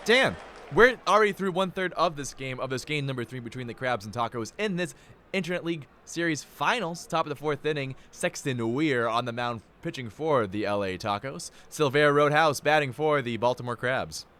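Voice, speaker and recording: A man's voice: mid-range voice, lively intonation, brisk, a bit bright. A young man giving live play-by-play commentary, playful and jokey, with rambling asides. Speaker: play-by-play announcer.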